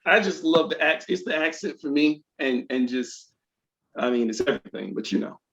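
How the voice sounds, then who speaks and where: A man in the audience reacting warmly and trailing off mid-sentence over a video call. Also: on the high side, fairly quick, dull audio. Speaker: audience member.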